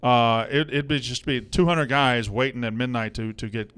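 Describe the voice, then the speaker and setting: A man hosts a loose sports gambling chat, and his voice comes through smooth and resonant. He is profane and quick to flare into heated rants. He sits at a studio table with his co-hosts. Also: medium pitch, steady tone, fairly bright tone. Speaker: host. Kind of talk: casual sports betting chat.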